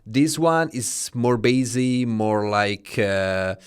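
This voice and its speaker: A man's voice: mid-range voice, animated, slow pace, clean tone. A man with an Italian accent giving a casual, chatty review of microphones, full of fillers. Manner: chatty, informal, frequent fillers. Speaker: tech reviewer. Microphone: studio microphones being tested.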